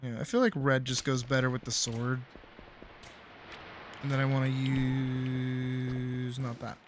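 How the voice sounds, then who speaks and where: A man's voice: mid-range voice, little pitch movement, slow pace, background noise. A man chatting casually while streaming a game, playful and rambling, swearing now and then. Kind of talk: casual gaming livestream chat.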